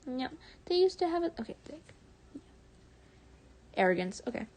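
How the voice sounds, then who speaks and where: A woman streamer reads fan fiction aloud on a live stream, often soft and breathy, stumbling, correcting herself, and chatting with viewers between passages. Her voice sits high with big pitch swings at a moderate pace.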